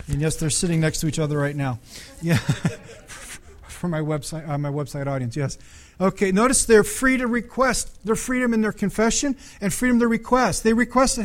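High-voiced man preaching a sermon. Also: moderate pace. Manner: conversational preaching, asks the congregation questions. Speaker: pastor.

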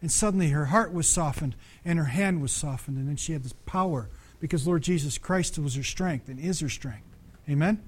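High-pitched male pastor, conversational sermon delivery, engages congregation with questions. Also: fairly quick, few pauses, slightly rough.

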